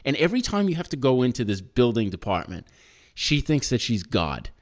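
Male podcast co-host, mid-range voice, spins a lively anecdote and puts on other people's voices. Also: medium pitch, a little fast. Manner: animated storyteller, acts out others, swears. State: self-employed, married. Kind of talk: casual chat.

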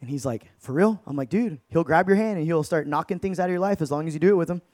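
A man with a high, light voice preaching like he's talking to a buddy, tossing in dude and bro. He runs his storytelling sermon with big swings between quiet intensity and loud bursts. The sound is dry and close, with no room around it. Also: fast talker, no room sound. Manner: casual slang-heavy, calls listeners dude and bro. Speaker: evangelist.

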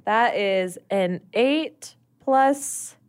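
A woman playing a tabletop game, describing her character's actions in an animated, giggly, excitable way. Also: a little high, extremely slow, clean tone. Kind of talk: casual in-character play.

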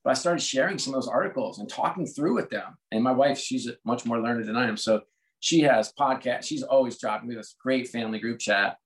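A man in his forties from the United States, a sports executive, is a guest in a conversational interview. He speaks candidly and reflectively in a mid-range voice, a little fast, often restarting his sentences, on a rough recording.

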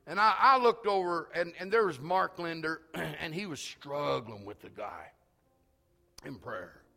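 A pastor preaching a sermon, telling a story that swells into shouted calls to the congregation. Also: male voice, medium pitch, big-room sound. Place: church sanctuary.

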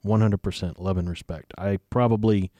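A man's voice: low voice, steady tone, normal speed, dark tone, no echo. A man co-hosting a casual faith-based chat, speaking emphatically and firmly. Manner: emphatic, firm.

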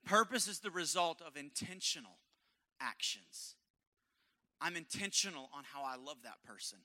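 A male pastor preaching an impassioned sermon at a church service, hoarse, dropping to a hush and then rising loud. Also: a little high, lively intonation, moderate pace. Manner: impassioned, swinging from hushed to loud.

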